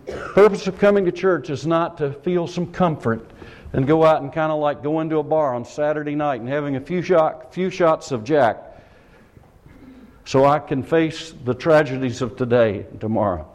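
A man preaching a sermon with passion, firing rhetorical questions and swinging between shouts and hushed lines. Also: fairly high pitch, moderate pace. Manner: impassioned, rhetorical questions, sudden shouts and drops.

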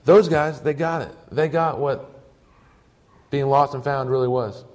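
A man's voice: mid-range voice, steady tone, unhurried, darkish tone. A man preaching a sermon, telling stories earnestly in short emphatic phrases.

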